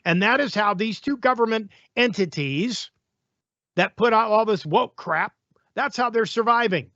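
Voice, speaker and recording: A male host rants through the news in a high, sharp-edged voice, sarcastic and opinionated. The sound is dry and close, with a slightly muffled, lo-fi quality. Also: lively intonation, unhurried, no echo. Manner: sarcastic, ranting. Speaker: talk show host.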